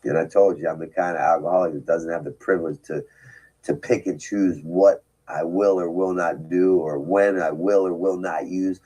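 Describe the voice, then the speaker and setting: A deep, somewhat mellow male voice comes through a low-quality recording. He gives a personal storytelling talk about his recovery, frank and emphatic about his past and full of rhetorical asides.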